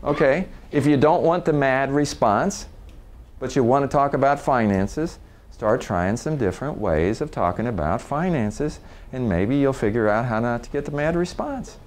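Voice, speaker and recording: A middle-pitched man talks through working with difficult people in an easy, informal way. He trips over his words and repeats himself as he thinks aloud. He keeps slipping into quick acted-out exchanges between two people to make his point. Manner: animated, acts out little quoted exchanges; repeats and restarts words often. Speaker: communication trainer.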